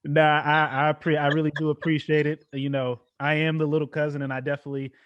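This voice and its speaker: A man's voice: on the high side, monotone, fast talker, fairly bright tone, no room sound, muffled recording. A young man hosting an interview podcast, giving short affirmations and an upbeat sign-off. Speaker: podcast host. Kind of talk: casual interview.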